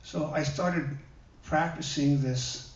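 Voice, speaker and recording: A man giving a sermon with personal stories, gentle and conversational, with many pauses and fillers. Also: fairly high pitch. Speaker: guest minister. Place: church hall. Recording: roomy, dull sound from a distant mic.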